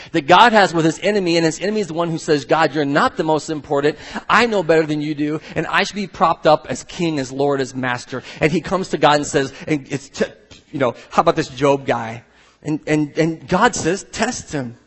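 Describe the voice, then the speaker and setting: A man's voice: a little high, slightly rough. A male pastor preaching an earnest, emphatic sermon, often restarting his sentences.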